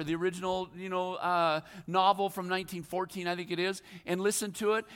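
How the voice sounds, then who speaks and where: A man's voice: sits high, fairly bright tone. A male pastor preaching a sermon in a rambling, self-deprecating storytelling way, full of fillers and restarts. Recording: long reverb of a large hall.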